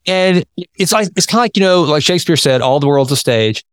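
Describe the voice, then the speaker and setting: A man hosting an interview in a casual, chatty way, telling anecdotes and talking in quick bursts. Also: fairly high pitch, lively intonation, clear, resonant tone, no echo, clean studio sound. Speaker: interview host.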